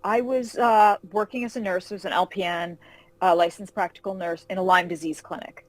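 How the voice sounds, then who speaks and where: A woman novelist chats on a video call, telling stories with lots of energy. She slips into little voices for the people she quotes and laughs along as she goes. Her pitch sits in a comfortable middle register. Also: a little fast, no echo, rough recording. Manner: animated anecdotes, acts out quoted voices, laughs often. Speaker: fantasy novelist guest. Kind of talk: casual interview storytelling.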